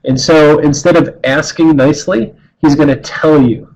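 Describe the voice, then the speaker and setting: A middle-aged man with a slightly raised pitch teaches in an earnest, conversational way. He often trips over his words and restarts a phrase before pressing on. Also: fairly even intonation, moderate pace, few pauses, a little mellow, muffled recording. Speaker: wildlife educator. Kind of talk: informal talk on bear behavior.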